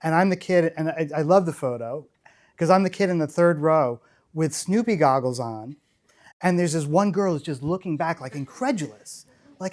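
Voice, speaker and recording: A man's voice: on the high side, moderate pace, a little mellow. A middle-aged man giving a storytelling keynote talk, enthusiastic and rambling, often restarting his sentences. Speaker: conference speaker.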